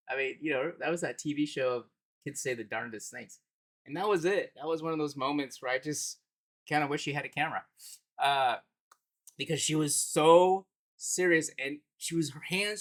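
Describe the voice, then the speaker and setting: A man's voice: on the high side, a bit bright. Man in his thirties, casual storytelling, reflective, conversational, easy laughter. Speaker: speaker sharing life stories.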